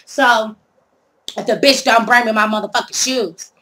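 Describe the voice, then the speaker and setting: Sassy loudmouth woman ranting and cussing, kinda high, real bright forceful voice. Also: fairly even intonation, normal speed. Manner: sassy, brash, swears constantly. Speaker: storyteller vlogger. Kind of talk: profane comic rant to camera.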